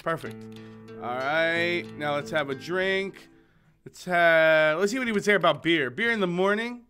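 Young male gaming host, loose jokey commentary, bright tone, slightly high voice. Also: measured pace, faint music behind. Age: young adult. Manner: joking, rambling, swearing, frequent laughs and stammered restarts. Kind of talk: let's play commentary, reading game text aloud.

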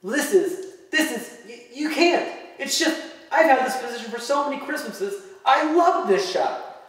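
A man's voice: extremely high pitch, expressive, a little slow, fairly bright tone, voice pushed up, full character voice. A man reading a story aloud, voicing an anxious male elf who stammers and pleads. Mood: pleading. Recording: echoey hall from far off.

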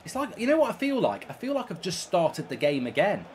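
A man's voice: high-pitched, wildly swooping pitch, fairly quick, slight background noise. A man streaming a football game, ranting and swearing about his play and reading chat messages aloud. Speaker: gaming streamer. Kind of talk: live gameplay commentary reading chat.

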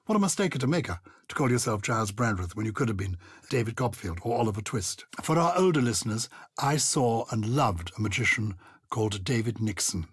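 Animated, husky-voiced older man. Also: lowish voice, brisk, dry recording, clean studio sound. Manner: theatrical, playful, reads listener letters aloud. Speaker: podcast co-host. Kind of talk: casual chat about words.

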